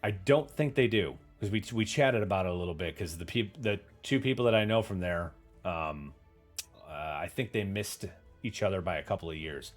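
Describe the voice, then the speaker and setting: A man's voice: deep voice, moderate pace, soft background music. A man hosting a casual livestream chat, telling rambling stories with casual swearing and answering viewer comments. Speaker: podcast host.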